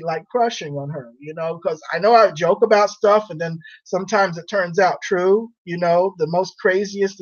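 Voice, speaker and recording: A man's voice: high-pitched, lo-fi sound. Rambling, laughing man on a livestream. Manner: rambling and teasing, laughs often. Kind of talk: casual chat on a livestream.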